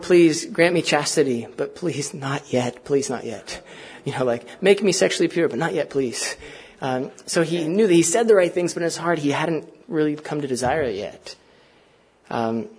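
A man preaching from the pulpit with a slightly husky, breathy voice and a middling pitch. He talks in an earnest, conversational way, often turning to the congregation with questions and casual asides. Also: a little mellow. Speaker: pastor. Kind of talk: sermon.

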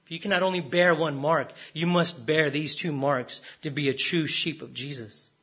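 A man's voice: fairly high pitch, normal speed, fairly bright tone, slightly rough. A man preaching a sermon as pastor, stressing words and repeating rhetorical questions.

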